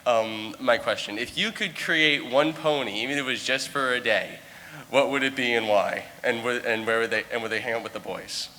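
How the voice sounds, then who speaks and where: A man's voice: mid-range voice, normal speed, pushed and bright. A man in the audience asking a question at a convention panel, rambling and hesitant. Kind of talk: casual Q&A at a convention. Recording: noisy convention hall with crowd.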